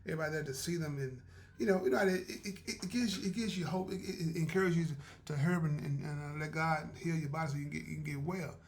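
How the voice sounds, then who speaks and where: Male podcast host, casual storyteller, slightly high gravelly voice, laughs a lot. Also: fast talker, slight background noise. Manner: chatty, laughs often, acts out quotes.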